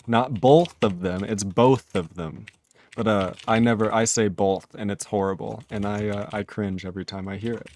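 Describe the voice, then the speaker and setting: A man's voice: fairly low pitch, a little mellow, slight background noise. A man live-streaming his programming work, thinking aloud in casual talk, chuckling often and chatting with his viewers.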